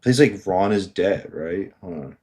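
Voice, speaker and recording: A man's voice: deep voice, animated, measured pace, a little mellow, slightly rough. Rambling, swearing young-sounding man. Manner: rambling, heavy on fillers and swearing, laughs often. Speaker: podcast co-host. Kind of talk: casual chat.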